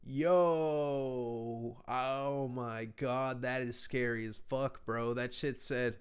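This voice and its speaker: A man in casual podcast banter, loose and profane as he goes, swearing almost every sentence. His voice sits at an ordinary middle pitch and comes through smooth and resonant. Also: steady tone, drawn-out words. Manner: loose, profane and laid-back, swears constantly. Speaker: podcast host. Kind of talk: casual chat.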